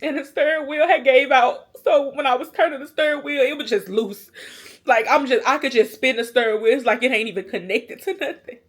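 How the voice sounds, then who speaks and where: A woman vlogger telling a personal story to her viewers in a casual, animated, emotional way. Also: high voice, fairly quick, slightly rough. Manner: animated, colloquial, emotional retelling.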